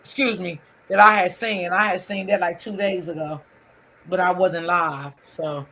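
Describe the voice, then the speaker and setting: Bright-voiced woman chatting on a livestream. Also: lowish voice, steady tone, a little slow. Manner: chatty, repetitive, talks to her chat. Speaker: livestream host. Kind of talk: casual livestream commentary.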